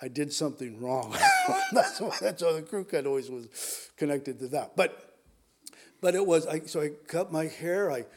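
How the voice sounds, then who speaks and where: A middle-aged pastor preaches conversationally, often restarting and addressing his congregation directly. His voice is a little high and mellow, with huge pitch swings, at a normal speed.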